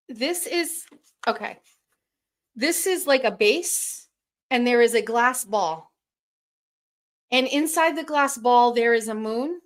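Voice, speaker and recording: Excitable, swearing woman streamer, fairly high voice. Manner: excitable, swears often, laughs and gasps. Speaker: livestream host. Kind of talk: casual livestream chat, opening gifts.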